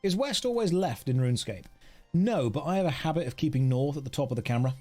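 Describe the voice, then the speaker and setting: A man's voice: a little high, animated, fast talker, dark tone, soft background music. Brief: joking male game streamer, light upper voice, chatty with his audience. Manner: playful, joking, chatty with chat. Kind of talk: casual game stream chat with viewers.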